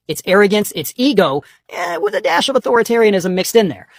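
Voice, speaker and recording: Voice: mid-range voice, lively intonation, brisk, few pauses, no room sound. A political commentator delivering a scornful, mocking, profane monologue.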